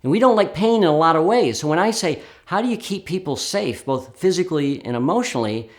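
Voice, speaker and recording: A middle-aged man telling how he runs a stage demonstration, acting out the dialogue with lively changes of voice. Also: fairly high pitch, brisk. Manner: animated, acts out dialogue with voice changes. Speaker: speaker explaining a demonstration. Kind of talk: storytelling talk to camera.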